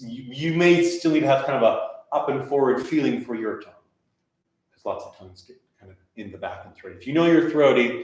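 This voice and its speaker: A man leads an online voice lesson, talking students through exercises in a relaxed, chatty way. He sounds a fair way off the microphone. A heavy room echo surrounds every word. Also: medium pitch, recorded from a distance. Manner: relaxed, chatty coaching with vocal demonstrations. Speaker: voice teacher. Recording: very echoey room, voice heard from afar.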